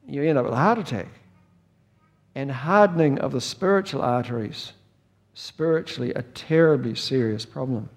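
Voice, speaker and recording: An older New Zealand man preaching with an easy, anecdotal delivery. His voice sits at an ordinary middle pitch, and he chuckles through his stories while making his points. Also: darkish tone, long reverb tail. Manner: folksy storytelling, chuckles often. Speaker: pastor. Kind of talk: sermon.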